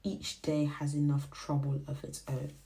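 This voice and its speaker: A young woman whose first language is Shona hosts a podcast, telling a faith reflection in a casual, animated way and acting out the voices she quotes. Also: low-pitched, a little slow, gravelly. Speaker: podcast host.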